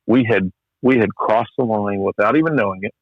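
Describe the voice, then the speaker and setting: A man's voice: on the low side, fairly quick, no echo. A middle-aged man, an emergency physician, telling stories in a candid, reflective and self-deprecating podcast conversation. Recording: slightly muffled podcast audio.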